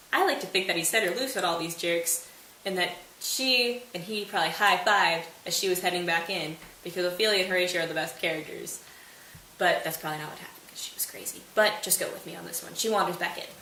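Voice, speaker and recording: A woman's voice: on the low side, fast talker, bright, forceful tone. Woman host, sarcastic casual recap, distant mic in an echoey room, faint hiss. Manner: sarcastic, jokey. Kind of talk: casual study retelling.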